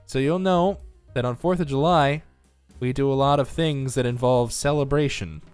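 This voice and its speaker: Man, American, game streamer, tired, chatty, mid pitch, faint guitar music behind. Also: moderate pace, darkish tone, clean tone. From United States. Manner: chatty, reads chat aloud, joking asides. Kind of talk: casual live-stream commentary.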